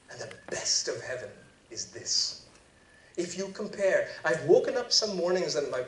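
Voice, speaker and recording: A man preaching a sermon, telling stories in an expressive, enthusiastic way at a large event venue. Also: fairly high pitch, a little hiss or hum. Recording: echoey hall, distant mic.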